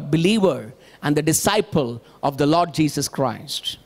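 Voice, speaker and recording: A man's voice: fairly high pitch, very animated, moderate pace, few pauses. A male pastor, preaching a sermon emphatically and asking the congregation rhetorical questions.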